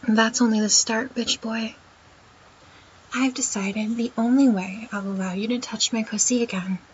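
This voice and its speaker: A woman in a whispered role-play, talking in a domineering, teasing way with a breathy voice. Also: on the high side, slight background noise. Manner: domineering and teasing, slow and deliberate. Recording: dull lo-fi recording.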